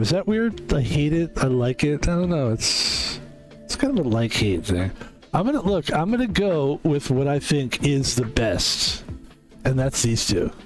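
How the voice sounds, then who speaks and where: A man streaming a video game, chatting in a loose, joking way and swearing freely. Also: medium pitch. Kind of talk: casual gameplay commentary.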